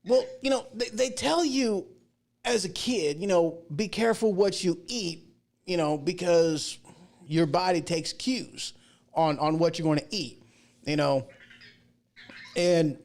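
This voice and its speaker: A man's voice: high-pitched, measured pace, creaky, pauses often, darkish tone. A man hosting a casual livestream talk show, chatty and folksy, rambling through asides and jokes. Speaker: show host.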